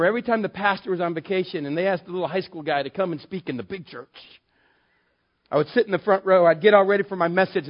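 A man preaching a sermon with a lot of drama, acting out voices as he tells the story. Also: a little high. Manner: dramatic, acts out voices of Satan and God. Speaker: pastor. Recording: muffled lo-fi sermon recording.

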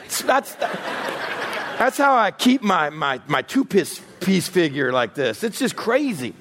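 A man preaching a sermon, joking and acting out quick bits of everyday talk. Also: high voice, noisy background. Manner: animated, joking, acts out little voices. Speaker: pastor.

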